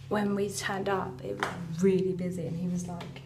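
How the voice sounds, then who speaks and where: A woman's voice: fairly low pitch, level tone, moderate pace, creaky, background noise. Chatty young woman vlogging. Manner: chatty, rambling, lots of fillers. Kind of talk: casual chat to camera.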